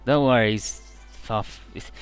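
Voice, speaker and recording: A man's voice: medium pitch, measured pace, clear, resonant tone, faint music behind. Rambling, joking man narrating a game. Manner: joking, rambling, many "uh" fillers. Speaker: video game let's player. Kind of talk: casual game commentary.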